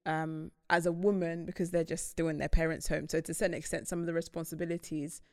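A young woman, chatting casually and telling animated stories about married life. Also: low voice, fast talker, no room sound, clean studio sound. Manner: animated storytelling. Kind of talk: casual chat.

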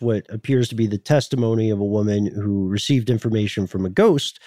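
A man's voice: mid-range voice, a little mellow, no echo, clean studio sound. Man co-hosting a history podcast. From Tennessee, US. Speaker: podcast co-host. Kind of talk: casual chat, storytelling. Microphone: studio mic, remote video call.

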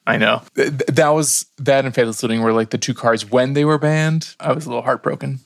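A man's voice: mid-range voice, steady tone, fairly quick, creaky, dry recording. A man with a mid-range voice co-hosts a podcast, playful and eager as he makes his points. The recording is dry and close. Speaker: podcast co-host. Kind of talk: casual podcast chat.

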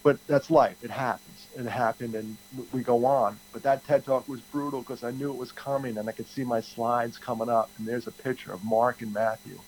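A man's voice: medium pitch, fairly even intonation, normal speed, few pauses, a little hiss or hum, poor audio. Candid rambling man, middle-aged. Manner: candid, rambling with frequent restarts. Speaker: guest, TED speaker. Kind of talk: conversational interview answer.

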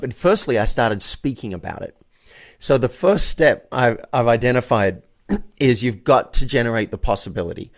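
Earnest man telling a story with restarts. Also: fairly low pitch. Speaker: guest. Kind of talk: casual chat.

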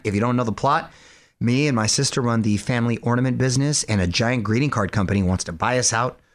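A man hosting a radio show, joking and bantering in an animated, playful way. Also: mid-range voice, quick pace.

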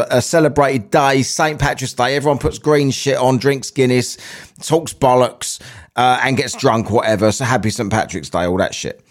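A man hosting his own podcast, talking casually and swearing as he wanders between asides. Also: medium pitch. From England. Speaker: podcast host. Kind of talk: casual solo podcast chat.

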